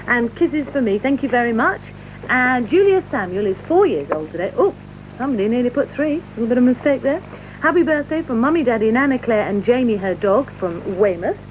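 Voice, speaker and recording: A woman's voice: fairly high pitch, a little mellow, rough recording. A woman reading birthday greetings on children's television, playful and giggly. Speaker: TV presenter. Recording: archive TV audio with faint noise.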